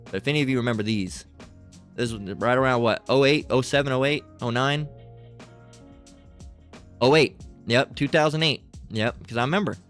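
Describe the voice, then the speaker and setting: A man's voice: mid-range voice, moderate pace, long pauses, fairly bright tone, faint music behind. A middle-aged man in a crude, profane, rambling commentary, reading text aloud and asking "right?" a lot. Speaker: channel host.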